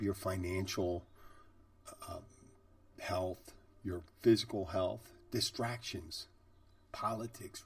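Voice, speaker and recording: Man, middle-aged, deeper voice, casual rambling monologue, dead dry sound, mic set back. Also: no echo, distant mic. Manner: rambling, conversational, with fillers. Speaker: podcast host and bartender. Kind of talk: reflective storytelling monologue.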